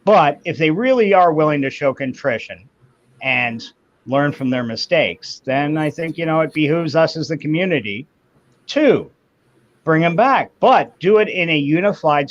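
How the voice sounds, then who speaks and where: A man talking in a casual online chat with a slightly raised voice, laying out his views in slow, deliberate phrases. He acts out the voices of people he quotes. The audio is dull and lo-fi. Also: fairly high pitch, expressive.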